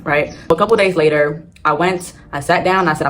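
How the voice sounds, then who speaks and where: A woman vlogging candidly about her reading struggles, swearing freely and talking in long rushing run-ons. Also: sits low, a bit bright. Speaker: booktube vlogger. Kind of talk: casual storytelling vlog. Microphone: phone on a tripod.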